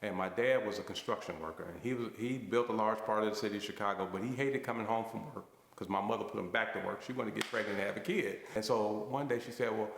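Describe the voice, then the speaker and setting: A man in his forties, from the United States, giving an emotional personal testimony at a banquet with halting restarts. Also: lowish voice, gravelly, fairly bright tone. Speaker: guest speaker at a fundraising banquet. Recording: echoey hall reverb.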